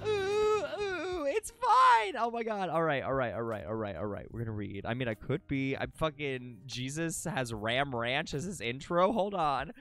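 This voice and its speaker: A young man talking casually to his viewers on a live stream from his home setup. He rambles and restarts, swears freely and gets emotional. His voice is bright and tense, and it swings widely up and down. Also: medium pitch, expressive, moderate pace, few pauses, soft background music.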